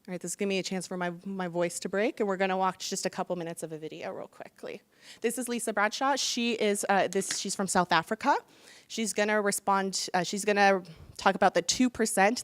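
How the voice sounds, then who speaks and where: A woman's voice: medium pitch, no echo. A woman leading a workshop, speaking in a casual, chatty way with plenty of fillers. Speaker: workshop leader. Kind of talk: workshop presentation.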